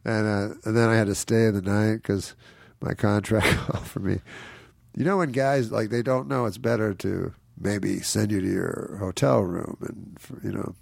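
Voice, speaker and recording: Gravelly man rambling through a story. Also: on the low side, steady tone, moderate pace, no echo. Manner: meandering storyteller, chuckles often, mimics people in his stories. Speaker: guest comedian. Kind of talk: casual anecdote telling.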